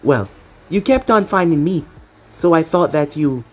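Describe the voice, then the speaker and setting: A woman voicing a calm, cocky young male ninja in a fan fiction reading, her voice pitched a little lower. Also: measured pace.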